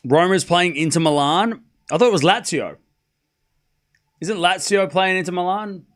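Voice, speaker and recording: A young man hosting a live tennis watchalong stream, chatting excitedly and talking to his viewers. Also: high voice, normal speed. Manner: excitable, chatty, talks to the chat. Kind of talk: casual live-stream chat.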